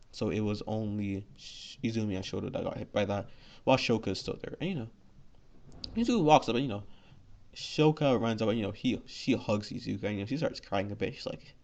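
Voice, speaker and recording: A man's voice: on the low side, vocal fry, a little mellow. A man telling an improvised fan story in a rambling, filler-heavy way. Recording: lo-fi dull recording.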